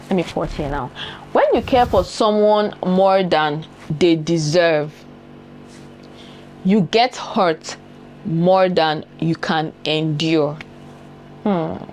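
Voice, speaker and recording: A young Nigerian-accented woman with a fairly low voice shares life advice in a relaxed monologue. She leans on repetition to press her points home and keeps asking the audience if they follow. A faint hum of room noise sits under her voice. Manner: emphatic, repeats key phrases, checks in with the audience. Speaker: vlogger. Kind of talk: casual advice monologue to camera.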